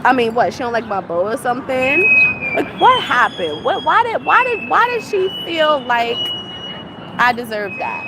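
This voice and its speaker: A woman's voice: high-pitched, big pitch swings, normal speed. A woman vlogging outdoors, upset and venting, with a dry cough and frequent rhetorical questions. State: dry cough, clearing throat. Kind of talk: venting vlog monologue. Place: outdoors on a city street, heading to a train. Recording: street noise behind.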